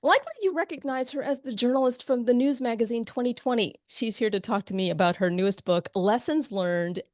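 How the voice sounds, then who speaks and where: A woman's voice: on the high side, a little fast, darkish tone, dry recording, clean studio sound. A woman hosting a radio interview, enthusiastic and admiring as she talks with her guest. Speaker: radio show host.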